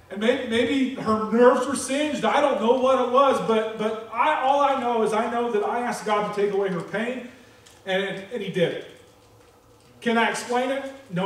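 High-voiced man preaching in an echoey church. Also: recorded from a distance. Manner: earnest, candid, repeats okay often. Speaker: pastor. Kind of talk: sermon with personal testimony. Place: church sanctuary.

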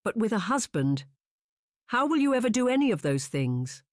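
A woman narrator voicing a spirited, gentle young woman who soothes her sister, in an audiobook reading. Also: on the high side, big pitch swings, moderate pace, dry recording, studio quality, pitched above the performer's own voice. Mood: indignant. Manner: gentle, then indignant.

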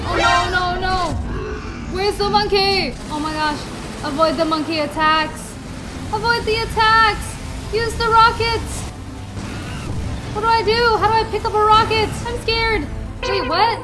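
A woman commentating a video game, squealing and shrieking her reactions, with game music behind her. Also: very high voice. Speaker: gaming YouTuber. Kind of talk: excited gameplay commentary.

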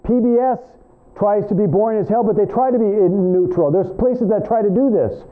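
A male professor lecturing a class in an animated, rambling way, trading remarks with students, in a tinny, phone-like recording. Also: high-pitched, fairly quick. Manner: animated, rambling, talks back and forth with students.

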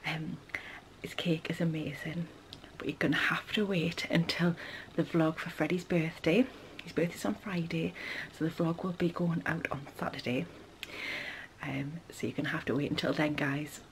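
Geordie mum, whispered late-night vlog in a bedroom, hushed and low, faint hiss. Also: female voice, fairly even intonation, moderate pace. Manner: hushed whisper so as not to wake child.

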